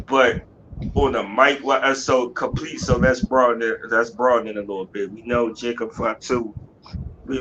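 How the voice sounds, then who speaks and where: A man's voice: medium pitch, lo-fi sound, background noise. A man co-hosting a podcast in loose casual chat, often restarting and repeating his phrases. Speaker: podcast co-host.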